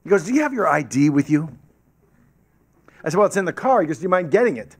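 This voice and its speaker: A man with a fairly high pitch and fast pace speaks as guest to a club gathered in a meeting hall, using a podium microphone. His storytelling is animated, and he impersonates the people he quotes.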